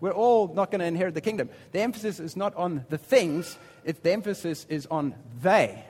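A man's voice: fairly high pitch, expressive, moderate pace, hardly any pauses, darkish tone, breathy edge. A man preaching a sermon, reading scripture aloud and pressing his points with emphatic repetition. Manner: emphatic, repeats words, reads scripture aloud. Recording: long hall reverb.

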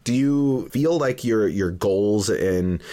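A man's voice: fairly low pitch, expressive, slow pace, warm tone. A man interviewing a guest in casual conversation, enthusiastic and encouraging, with lots of fillers. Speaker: podcast interviewer.

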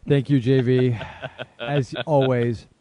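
A man's voice: mid-range voice, flat delivery, slow, muffled recording. A man co-hosting a movie podcast, joking and bantering in casual chat. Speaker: podcast co-host.

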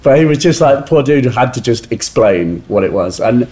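A man hosting a casual interview, chatty and quick to agree. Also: mid-range voice, expressive, darkish tone. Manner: chatty, with brief backchannel agreement. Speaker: host.

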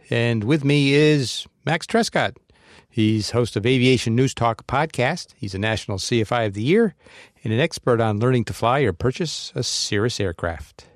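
A man's voice: medium pitch, dry recording, studio quality. A man hosting a podcast, reading introductions and laughing easily in casual chat. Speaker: podcast host.

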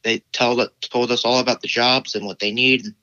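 A man's voice: mid-range voice, flat delivery, moderate pace, bright, forceful tone, no echo, highs cut off. A teenage boy answering interview questions casually, hesitant and full of fillers. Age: teens. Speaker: guest.

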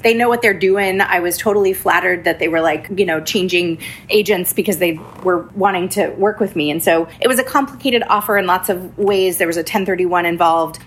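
A woman real estate agent telling a candid story in a casual podcast chat, animated and full of fillers. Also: on the low side, vocal fry, a little hiss or hum.

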